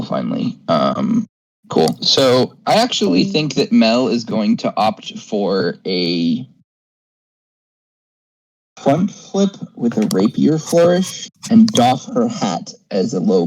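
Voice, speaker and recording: Relaxed male player, distant noisy online chat. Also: fairly low pitch, takes it slowly. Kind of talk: casual tabletop play.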